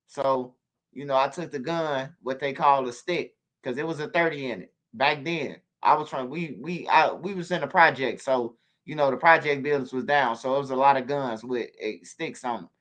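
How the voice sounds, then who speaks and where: A man hosting a stream, telling stories in a slangy, animated way and repeating himself. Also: on the high side. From Chicago. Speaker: channel host on a livestream. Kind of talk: casual storytelling to viewers.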